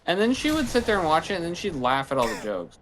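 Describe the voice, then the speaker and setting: A man's voice: a little high, wildly swooping pitch, fast talker, background noise. A man chatting casually beside a gameplay session, rambling through childhood stories. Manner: rambling storyteller. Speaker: co-host. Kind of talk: casual chat.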